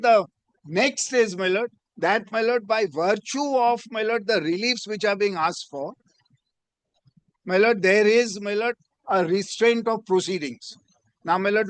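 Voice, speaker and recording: A man's voice: high voice, a bit bright, no room sound. A man arguing before a judge in a courtroom, deferential and formal, inserting "my lord" into nearly every phrase. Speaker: advocate.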